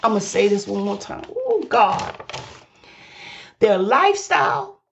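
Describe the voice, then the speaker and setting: A woman's voice: mid-range voice, very animated, brisk, vocal fry, highs cut off, slight background noise. A woman preaching a fervent sermon, repeating lines for emphasis and calling out to her listeners. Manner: exclaims and hums between phrases.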